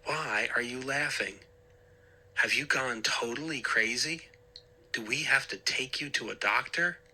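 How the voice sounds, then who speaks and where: Distraught shrill mom ; a man doing her, bright and sharp. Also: measured pace. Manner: shrieking, distraught. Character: upset mother, shocked and shrill.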